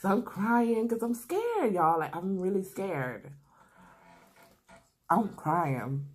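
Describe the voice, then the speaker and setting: A young woman vlogger telling a casual, slangy story while eating, animated and full of asides to her viewers. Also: medium pitch, takes it slowly. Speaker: mukbang vlogger.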